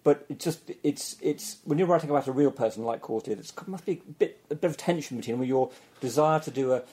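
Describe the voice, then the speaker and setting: Fast-talking, halting interviewer. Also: male voice, on the high side, warm tone. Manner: halting, many restarts and repeated words. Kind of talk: interview conversation.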